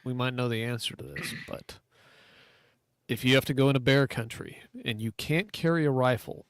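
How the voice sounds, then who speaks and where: A man hosts a casual podcast and asks questions. He rambles a little and restarts his sentences. His voice is mid-pitched and dry. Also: normal speed, clear, resonant tone, dry recording. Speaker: host.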